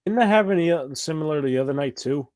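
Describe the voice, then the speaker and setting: A man's voice: fairly high pitch, animated, fast talker, darkish tone, no room sound, clean studio sound. A man co-hosting a live sports stream, joking around, quoting film lines and tripping over his words. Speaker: co-host. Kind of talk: casual live sports chat.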